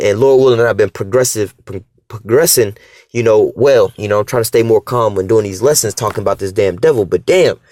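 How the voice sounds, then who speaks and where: A man in the middle of his range talks straight into a dry, close mic with no room around him. His commentary is casual and heavy with slang. He stumbles and restarts, then his pitch jumps up when he drives a point home. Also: dry recording. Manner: animated, profane street slang, acts out dialogue; restarts and fillers, rising pitch when emphatic. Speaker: religious commentator.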